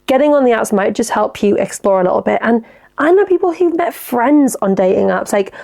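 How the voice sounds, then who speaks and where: A woman's voice: a little high, lively intonation, a little fast, vocal fry, dark tone. A woman hosting a podcast, giving advice in a chatty, enthusiastic and sweary manner. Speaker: podcast host. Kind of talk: casual advice chat.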